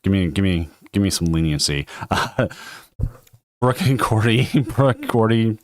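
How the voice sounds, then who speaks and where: A man with a hoarse voice from a cold, hosting a casual tournament livestream and rambling with frequent laughs. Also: fairly low pitch, animated, takes it slowly. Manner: rambling, self-interrupting, laughs often. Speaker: tournament stream host.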